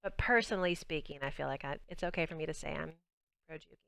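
A woman's voice: low-pitched, fast talker, creaky, a bit bright, dry recording. A young woman with a Southern US accent hosting a game livestream, chatting casually and bubbly with viewers as she plays. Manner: chatty, bubbly, talks to chat while playing. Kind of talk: casual game stream chat.

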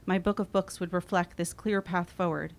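Woman reading her memoir, lowish voice. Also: moderate pace, vocal fry. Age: 40s. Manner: wry, expressive reading. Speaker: author.

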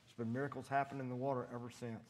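Man, preacher, sermon, animated storytelling, mid-pitched voice, church. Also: rapid-fire. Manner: animated, acts out quotes with loud shouted voices.

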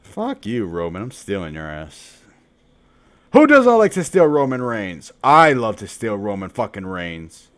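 Young male streamer, casual live game commentary, crude trash talk, lively pitch that jumps from low mutters to loud outbursts. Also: measured pace. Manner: profane, trash-talking, swinging from mumbles to shouts.

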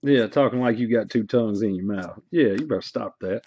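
A man's voice: fairly low pitch, fairly quick, dark tone. A man hosting a card break stream, chatting casually and teasing viewers in a joking storytelling way. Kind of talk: casual livestream chat. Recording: dull, slightly noisy stream audio.

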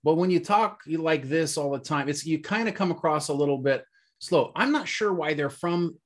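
A podcast co-host with a slightly high voice speaks at a moderate pace. He rambles through a casual movie review chat, searching for words and leaning on plenty of fillers.

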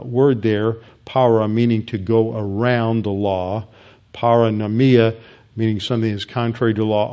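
A male pastor teaching a Bible lesson in an explanatory way, with frequent halting restarts. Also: medium pitch, darkish tone.

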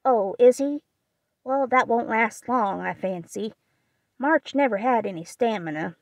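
A woman voicing a gruff, sharp-tongued rich old aunt who scolds, in a storybook reading. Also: on the high side, animated, a little slow, no echo.

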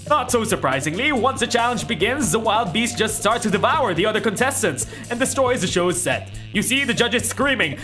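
A woman doing let's play commentary, excitable and laughing often, swearing at the game and reading its text aloud. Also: fairly high pitch, brisk, few pauses. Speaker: gaming YouTuber. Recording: game music behind her voice.

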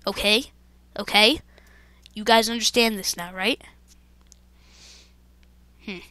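A woman narrating her own game in a let's-play, with a fairly high, bright, sharp voice. She talks slowly and breaks into jumpy, dramatic exclamations as she speaks straight to her viewers. The sound is dry and close. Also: dry recording. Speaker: gaming channel host.

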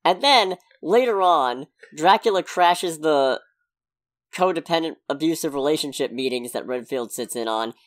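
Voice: medium pitch, animated, normal speed. A co-host on a casual movie podcast who swears freely and drops dry asides. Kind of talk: casual movie review chat.

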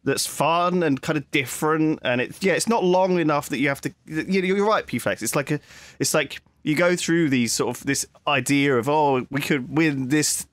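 A man's voice: on the high side, moderate pace, fairly bright tone, no room sound, clean studio sound. A man co-hosting a podcast, chatting in a rambling, reflective way. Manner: rambling, reflective, many restarts. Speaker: podcast co-host. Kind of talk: casual chat.

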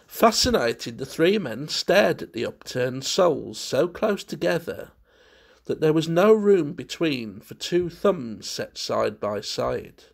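Slow, gravelly man narrating a ghost story. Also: fairly high pitch. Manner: measured, expressive storytelling.

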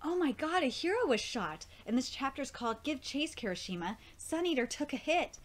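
A woman with a high, bright-pitched voice that leaps all over the place, running a live comic reading reaction. She gushes and exclaims between lines of dialogue and swears casually. Her talk is loose and excitable. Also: normal speed. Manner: excitable, gushing, swears freely; reads comic dialogue aloud between comments. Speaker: manga reaction host.

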